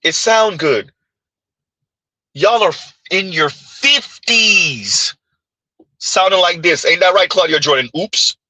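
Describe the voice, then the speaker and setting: A man delivers reaction commentary in a brash, teasing way, tossing out punchy asides. His voice swoops widely and rings bright and forceful, and the sound is dry and close. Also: high-pitched, animated, measured pace, long pauses, breathy edge, no room sound, poor audio. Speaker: commentary host.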